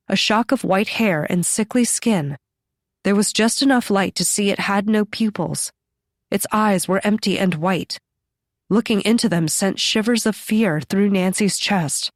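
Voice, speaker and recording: A woman reading a horror novel aloud in steady, measured scripted narration on a close microphone. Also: mid-range voice, no echo. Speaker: audiobook narrator.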